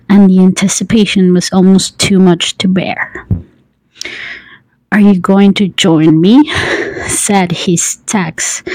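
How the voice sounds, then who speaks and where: A woman narrates a romance story as whispered role-play, drifting into a soft, breathy half-whisper. Her voice is low and gravelly, and she reads very slowly. The recording is close and dry. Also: dry recording, poor audio.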